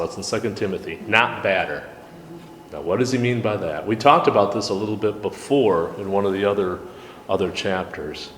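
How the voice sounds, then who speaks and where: A man's voice: lowish voice, a little hiss or hum. A man leading a church study group, teaching in a casual, conversational way and often restarting his sentences. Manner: conversational, frequent restarts, quotes texts aloud. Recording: echoey room with long reverb.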